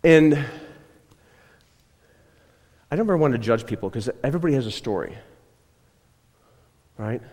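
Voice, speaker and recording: A man's voice: medium pitch, lively intonation, measured pace, pauses often, darkish tone, long reverb tail. A man preaching a conversational sermon as pastor, telling a personal story, repeating himself and often checking in with the congregation. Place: church.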